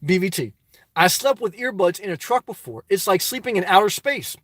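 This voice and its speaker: A man with a New Jersey accent hosting a casual livestream, answering chat with animated rhetorical questions that swing from loud to soft. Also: sits high, brisk. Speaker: livestream host reading chat. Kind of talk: casual live chat monologue.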